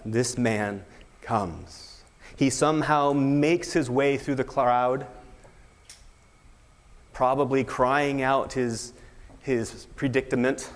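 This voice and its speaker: A man's voice: mid-range voice, in a large hall. A man preaching a sermon, emphatic, with rhetorical questions. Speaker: pastor.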